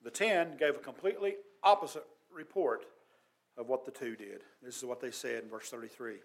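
A man preaching a sermon as pastor, earnest and emphatic, his voice swelling loud and dropping quiet. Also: medium pitch, brisk.

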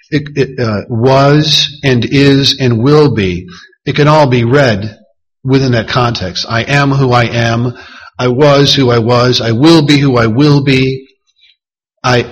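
Man, pastor, sermon, husky voice, measured explanatory delivery. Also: mid-range voice, fairly bright tone, rough recording.

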